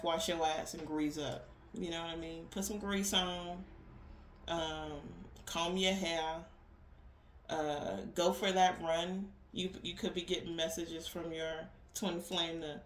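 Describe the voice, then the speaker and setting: A woman's voice: fairly low pitch, slight background noise. A woman giving a tarot reading as a blunt, profane spiritual pep talk. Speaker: tarot reader. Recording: roomy echo with faint ambience.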